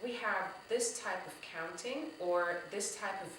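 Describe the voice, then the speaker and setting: Bright-voiced woman teaching kids in an echoey room. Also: medium pitch, far from the mic, a little hiss or hum. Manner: slow, encouraging, talks straight to the kids. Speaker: music teacher for young children. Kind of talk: children's drumming lesson.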